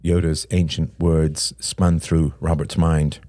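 A man reading a story aloud as narrator, in a measured, descriptive way. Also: rumbling low, fairly even intonation, dark tone, no echo, studio quality.

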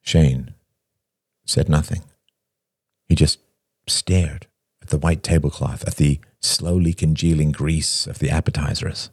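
A man narrating a story in a measured way. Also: a bass voice, fairly even intonation, slightly rough, no room sound, clean studio sound. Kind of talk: audiobook narration.

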